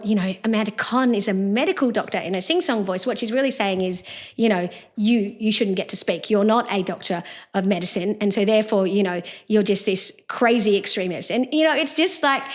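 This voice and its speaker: A woman host, giving emphatic, scornful political commentary. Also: medium pitch. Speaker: host and law professor.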